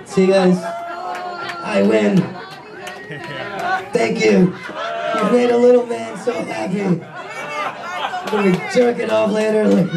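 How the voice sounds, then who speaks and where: A man performing a stand-up comedy set, excitable and self-mocking, bantering with the crowd. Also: sits high, takes it slowly, vocal fry, pauses often. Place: comedy club stage with audience. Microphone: wireless handheld mic. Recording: echoey club, mic far off, crowd noise.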